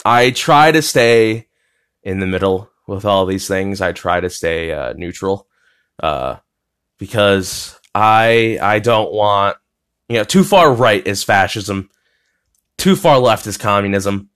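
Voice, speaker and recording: In an expressive but slow delivery, a young man from the US talks casually on his solo podcast from his bedroom. His voice is low-leaning, smooth and fairly bright, and he rambles with many fillers, restarts and curses.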